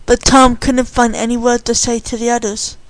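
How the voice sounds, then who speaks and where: A woman narrating a storybook reading in a hushed, matter-of-fact way. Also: on the high side, flat delivery, normal speed, no room sound.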